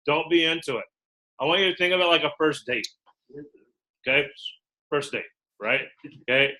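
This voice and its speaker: Give me an animated man coaching a small group. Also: on the high side, moderate pace, rough recording. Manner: animated, acts out quotes, checks in with "okay?" often. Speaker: recruiter training a team. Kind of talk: group training talk.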